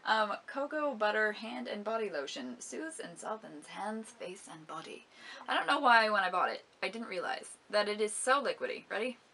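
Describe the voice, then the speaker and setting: A woman's voice: mid-range voice, animated, normal speed, sharp tone. A young woman vlogger chatting casually about beauty products, giggling often and complaining dramatically. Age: young adult. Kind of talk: casual product review vlog.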